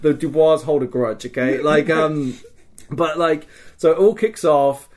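A man's voice: a little high, unhurried, a little mellow. A man hosting a podcast, telling a story in casual chat. He swears freely and keeps checking in with "right?" and "okay?". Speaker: podcast host.

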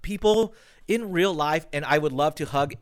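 A man co-hosting a podcast, telling animated stories full of swearing and quick restarts. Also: a little high, clean tone. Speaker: podcast co-host. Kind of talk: casual chat.

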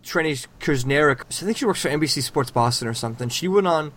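A man hosting a casual podcast conversation, opinionated and animated, often restarting his sentences. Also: on the high side, fast talker. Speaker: podcast host.

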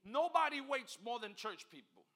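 A middle-aged man preaches a sermon in a church, with a very high voice and a bright, forceful edge. He works the congregation with call-and-response and moves between hushed asides and loud, shouted passages. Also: animated, moderate pace. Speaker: pastor.

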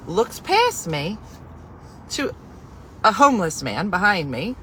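A woman telling a comic story in an animated, exasperated way, with sarcastic asides. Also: medium pitch, takes it slowly, slight background noise.

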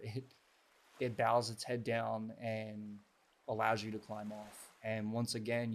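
A man's voice: lowish voice, a little hiss or hum. A man narrating a tabletop game as game master, describing scenes in detail. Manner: descriptive, evenly paced narration.

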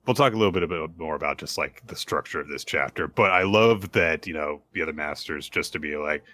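A man's voice: extremely low pitch, fairly quick, sharp tone. A man co-hosting a casual podcast, laughing often and riffing on the story with jokey impressions. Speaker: podcast co-host. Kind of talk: casual chat.

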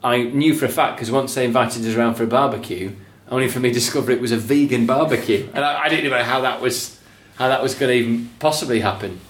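A man's voice: medium pitch, quick pace, hardly any pauses. Laughing storyteller man, echoey room. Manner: animated storyteller, laughs often, swears. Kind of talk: casual chat.

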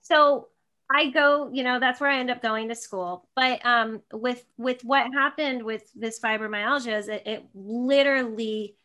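A woman in her thirties, a guest in an interview, rambles through a personal story with many restarts and fillers. Her voice is a little high, her tone steady yet sharp, and she speaks unhurriedly.

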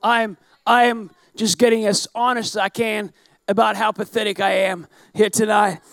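A pastor telling a self-mocking story in an animated sermon, often breaking into shouts. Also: male voice, sits high, moderate pace, gravelly, no echo. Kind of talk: storytelling sermon to a live audience.

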